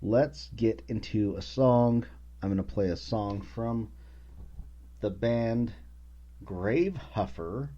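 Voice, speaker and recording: A man's voice: fairly low pitch, slow, long pauses, mellow, highs cut off. A man hosting his own podcast, ranting casually with profanity, sarcasm and lots of filler words. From Utah. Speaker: podcast host.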